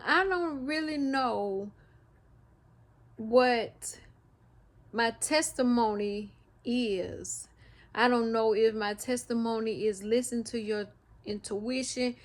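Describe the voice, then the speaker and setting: A woman talking through her feelings in a personal vlog, halting and emotional, often restarting her sentences and speaking of her faith. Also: a little high. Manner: faith-filled, speaks of God. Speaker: vlogger.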